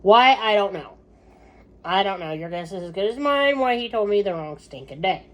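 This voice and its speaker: A woman's voice: mid-range voice, animated, normal speed, dull audio. A middle-aged woman chatting casually to camera with updates about her husband, rambling with lots of fillers and asides.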